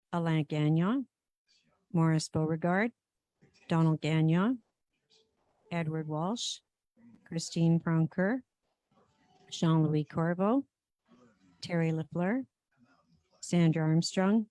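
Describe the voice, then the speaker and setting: A woman chairs a formal council meeting in a meeting room, speaking in a measured way with many ums and restarts. Her voice is low-pitched and warm, with no room sound.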